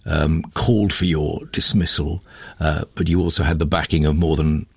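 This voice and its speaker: A man's voice: a bass voice, level tone, moderate pace, creaky, breathy edge, no echo. A man hosting a radio show in a studio, introducing guests and asking questions politely, with frequent uh fillers. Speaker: radio presenter. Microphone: studio microphone.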